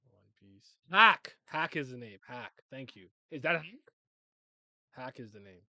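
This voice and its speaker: A man's voice: medium pitch, lively intonation, a little slow, sharp tone, no echo. A young man casually reacting to a manga chapter, joking, rambling and swearing as he reads.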